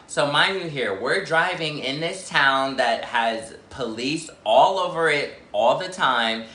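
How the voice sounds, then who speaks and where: A man telling a story for his vlog, chatty and animated, peppering his talk with "like". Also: medium pitch, takes it slowly, few pauses, reverberant. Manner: chatty, heavy "like" fillers, animated retelling. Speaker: YouTuber.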